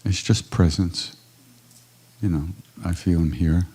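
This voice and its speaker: A man's voice: deep voice, fairly even intonation, takes it slowly, breathy edge. An older man telling stories in a casual, conversational way during a live retreat Q&A. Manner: warm anecdotal storytelling, casual and conversational. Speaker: kirtan teacher answering questions. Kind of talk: storytelling talk at a retreat Q&A. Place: ashram hall at a live retreat.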